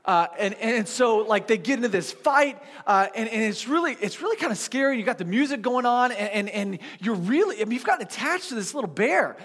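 A man preaching a sermon as pastor to a seated church congregation, in a conversational, animated storytelling manner with frequent restarts. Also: very high voice, fairly quick, few pauses, in a large hall.

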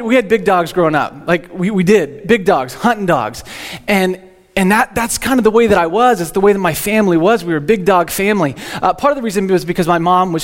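A young man, a teaching pastor, giving a humorous, rambling sermon in church with frequent restarts. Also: high voice. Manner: jokey, rambling, repeats words when starting sentences.

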